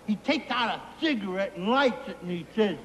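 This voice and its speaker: A man's voice: sits high, expressive, moderate pace, fairly bright tone. An actor playing a goofy, simple-minded man who tells silly jokes in a giggly, sing-song way, from a 1960s TV comedy sketch. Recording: old broadcast with reverb and hiss.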